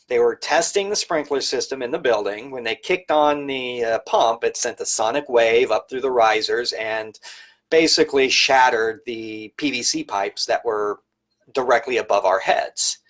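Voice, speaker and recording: A man's voice: mid-range voice, a bit bright. A middle-aged man with a mid-range voice speaks to an online audience. He tells stories from his work in a conversational, emphatic way. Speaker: private service educator. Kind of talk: live-streamed talk with anecdotes.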